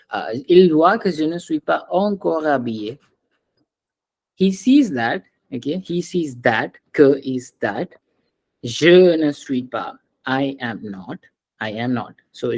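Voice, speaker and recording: A man's voice: medium pitch, husky, rough recording. A man teaching a French class, patiently drilling pronunciation and slipping into Hindi.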